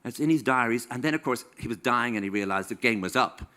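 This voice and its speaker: Irish man, 60s, author at a live talk; wry comic storyteller with a bright, forceful voice. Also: medium pitch, quick pace. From Ireland. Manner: wry, playful, acts out quoted voices. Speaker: author giving a stage talk. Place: stage in a small venue.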